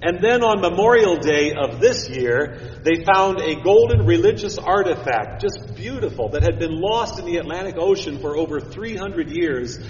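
A male pastor preaching a sermon, shifting from hushed, quiet phrases to emphatic, lifted ones. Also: high voice. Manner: expressive, swings from hushed to emphatic. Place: church sanctuary. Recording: echoey church hall from far off, dull sound, faint hiss.

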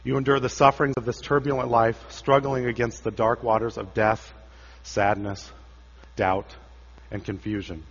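A man preaching a dramatic sermon, his voice swelling for quoted cries and sinking low for the solemn moments. The sound is a bit dull and muffled, with a long reverb trailing off every phrase. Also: level tone, normal speed. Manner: dramatic, rises for quoted cries and drops low for quiet lines.

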